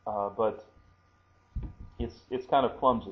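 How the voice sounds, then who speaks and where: A man teaching a language lesson, talking slowly and haltingly with many fillers and repeating words for pronunciation. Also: lowish voice, narrow, tinny audio. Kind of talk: screen-recorded language lesson.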